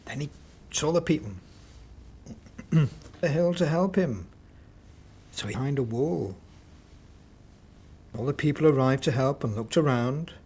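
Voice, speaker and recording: A man narrating a children's story expressively, with dramatic pauses. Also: on the high side, a little mellow, husky.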